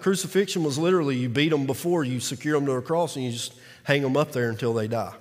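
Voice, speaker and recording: A male pastor, preaching a conversational sermon that acts out scripture quotes. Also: a little high. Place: church sanctuary. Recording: long reverb of a large hall.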